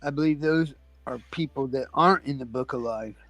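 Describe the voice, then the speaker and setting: A man in a relaxed chat, reflective and hedging as he talks things through. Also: mid-range voice, fairly quick, no echo. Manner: reflective, hedging, talks about spirit beliefs. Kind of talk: casual chat.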